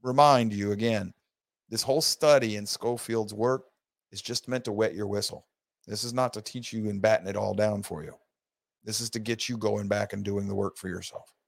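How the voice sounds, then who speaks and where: A man with a low, gravelly voice teaches a Bible study lesson. He speaks emphatically, leaning hard on key words and restarting phrases as he works through a point. The sound is dry and close, with no room around it. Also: fairly even intonation, moderate pace, dry recording.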